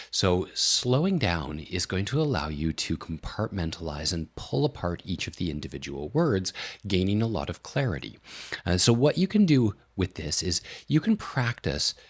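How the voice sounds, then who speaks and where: A man teaching as an English speaking coach, calmly explaining step by step in a casual spoken lesson. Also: low-pitched, breathy edge.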